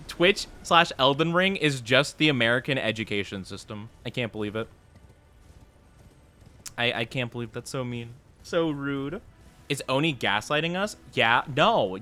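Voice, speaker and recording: A man's voice: a little high, sharp tone. A young man streaming a video game, chatting casually with his viewers and teasing them in a playfully mock-indignant way.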